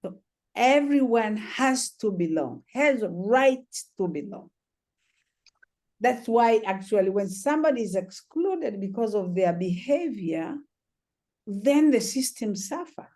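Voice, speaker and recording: Mellow-voiced woman healer, gentle and reflective. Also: on the high side, animated, unhurried. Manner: gentle, reflective, many "you know"s. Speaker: trauma healer, interview guest. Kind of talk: conversational storytelling.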